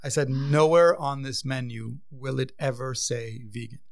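A man who owns a vegan restaurant, chatting casually on a podcast and telling stories in an animated way. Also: mid-range voice. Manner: fast, animated storyteller.

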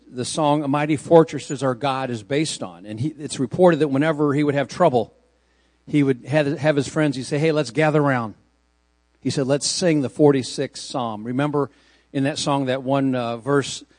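A man's voice: mid-range voice, a little mellow, dry recording. A male pastor preaching a sermon, reading scripture aloud and stressing key words with emphasis.

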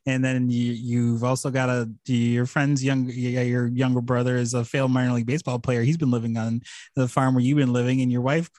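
Man, podcast co-host, rambling, animated, swears a lot, dry close sound. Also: medium pitch, brisk, dry recording. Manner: rambling, animated retelling with profanity. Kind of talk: casual chat.

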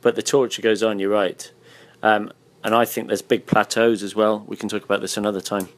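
A man's voice: fairly low pitch, level tone, a little fast. A man hosting a casual interview, blunt and swearing freely, his voice tired. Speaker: podcast host. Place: hotel room.

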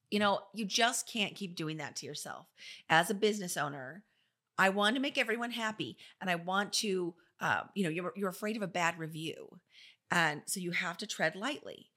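A middle-aged woman, an interior designer and business owner, telling stories and giving advice in a chatty, animated way, often acting out what people said. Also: on the low side, moderate pace. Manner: chatty, animated storytelling with quoted voices. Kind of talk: casual advice talk.

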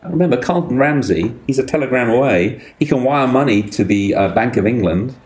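Lively game master man in an echoey room. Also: medium pitch, brisk. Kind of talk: narrating a tabletop game.

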